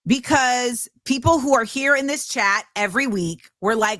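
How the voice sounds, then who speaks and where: Lively woman hosting a casual chat. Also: fairly high pitch, moderate pace, no room sound, studio quality. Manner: animated storyteller, acts out quotes. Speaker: host.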